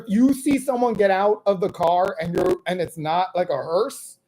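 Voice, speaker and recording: Male comedian-host, mellow tone, rambling self-mocking storyteller who repeats lines for laughs. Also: sits high, animated, moderate pace.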